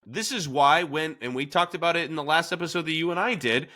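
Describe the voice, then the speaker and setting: A man's voice: fairly high pitch, quick pace, pushed and bright. A man hosting a podcast in a casual discussion, telling stories with animation and acting out quoted lines. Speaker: podcast host.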